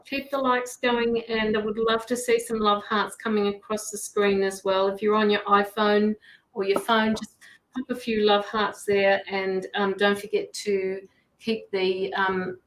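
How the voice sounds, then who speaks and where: A woman's voice: mid-range voice, level tone, unhurried. A woman hosts a live tarot stream from her studio, chatty and greeting viewers one by one. Her voice sits mid-range for a woman. The room gives it a noticeable echo. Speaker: tarot reader and medium, show host. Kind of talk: casual live-stream chat.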